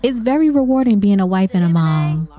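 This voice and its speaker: A woman's voice: medium pitch, expressive, fairly quick, warm tone, natural voice. A woman voicing a sweet, friendly wife and mother in a life-sim game. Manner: sweet, chatty.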